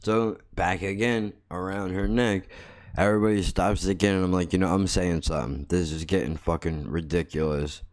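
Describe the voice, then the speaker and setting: A man's voice: low-pitched, steady tone, moderate pace, darkish tone. A man hosting a podcast, telling a story in a blunt, heavily profane, casual comedic way and mocking himself as he goes. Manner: self-mocking, laughs at his own jokes. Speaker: podcast host.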